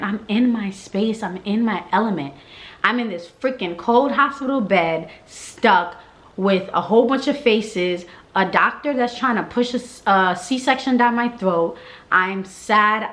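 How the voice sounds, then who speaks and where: Animated young woman telling her story. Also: medium pitch. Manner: animated, acts out the people she quotes. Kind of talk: casual storytelling.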